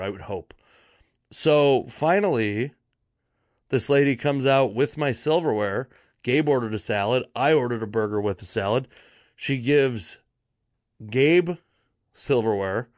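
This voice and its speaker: A man of medium pitch tells a comic story in a loose, rambling way. He exaggerates dryly and keeps correcting himself mid-sentence. His voice sounds close and dry, with no room sound. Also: dry recording. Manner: rambling, wry, exaggerating for laughs; frequent fillers and self-corrections. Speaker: podcast host. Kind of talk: casual comedic storytelling monologue.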